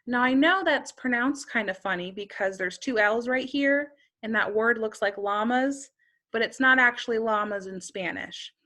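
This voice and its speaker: A woman's voice: fairly high pitch, normal speed, sharp tone. A woman teaching a beginner Spanish lesson, carefully modeling each phrase and quizzing the listener.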